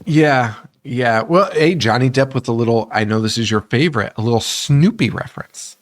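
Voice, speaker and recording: A man's voice: mid-range voice, normal speed, a little hiss or hum. A man co-hosting a horror movie podcast, talking casually, swearing a lot, laughing often and acting out lines from films. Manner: profane, laughing, acts out movie lines in put-on voices. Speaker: podcast co-host.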